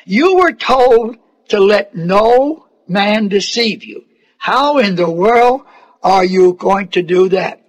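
Slow, deliberate high-voiced male preacher. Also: lively intonation. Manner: slow, deliberate, emphatic preaching with rhetorical questions. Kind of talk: sermon.

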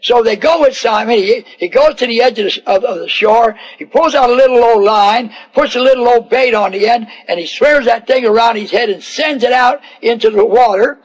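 A male preacher with a very high voice tells a story in an animated, folksy way. He acts out every character as he goes. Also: fairly quick, few pauses, poor audio. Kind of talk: storytelling sermon.

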